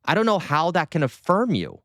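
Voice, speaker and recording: A man streaming casual reaction commentary, talking in an animated, sarcastic and mocking way. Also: on the high side, a little fast, no room sound, clean studio sound.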